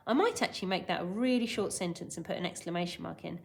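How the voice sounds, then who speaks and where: A woman primary school teacher giving a recorded lesson, dictating sentences clearly and word by word. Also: fairly low pitch, expressive, fast, few pauses.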